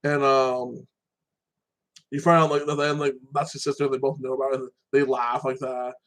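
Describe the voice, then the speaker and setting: A man's voice: mid-range voice, flat delivery, moderate pace, fairly bright tone. A man casually recapping TV and anime episodes in a loose, rambling way, full of filler phrases. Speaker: TV and anime reviewer.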